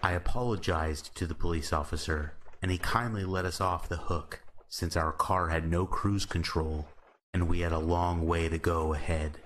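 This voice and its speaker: A man narrating horror stories in a slow, measured, calm scripted style. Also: low voice, a little hiss or hum.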